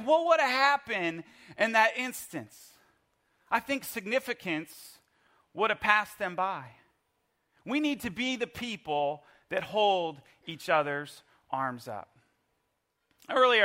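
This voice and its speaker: A middle-aged man giving a sermon as a pastor, telling stories in an animated, playful way. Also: high-pitched.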